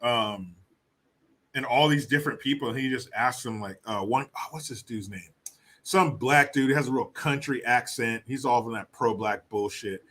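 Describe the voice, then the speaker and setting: Male commentary host, heated profane rant, forceful bright voice, middle pitch. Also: normal speed. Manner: reads viewer comments aloud. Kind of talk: live political commentary rant.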